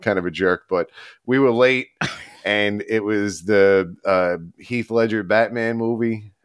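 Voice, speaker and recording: A man co-hosting a podcast, telling a long story in a rambling, animated, casual way with frequent laughs. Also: lowish voice, slow, clear, resonant tone, no room sound, clean studio sound. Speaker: podcast co-host.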